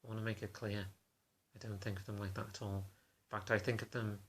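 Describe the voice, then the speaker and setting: A man talking to camera in a confessional vlog, halting and self-conscious in a subdued, low-key way. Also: flat delivery, husky. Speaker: vlogger.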